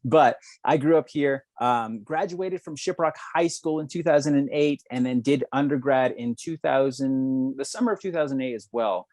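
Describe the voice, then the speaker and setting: In a mid-range, darkish voice with no echo, this man speaks at a moderate pace with hardly any pauses. He's a law student in his thirties from New Mexico, United States, a podcast guest sharing candid stories about his life earnestly and with frequent restarts.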